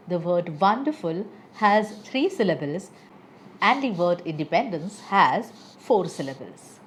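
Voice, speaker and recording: Female teacher, slow and expressive, lesson on word stress. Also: fairly low pitch, slight background noise. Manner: slow, careful, reads example words twice. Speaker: English teacher. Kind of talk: pronunciation lesson.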